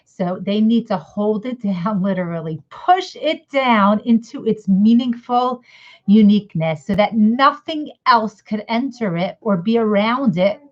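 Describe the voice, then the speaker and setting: A woman giving a casual, rambling lesson to parents, often acting out little mock dialogues. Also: medium pitch. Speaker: educator. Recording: slightly dull lo-fi audio.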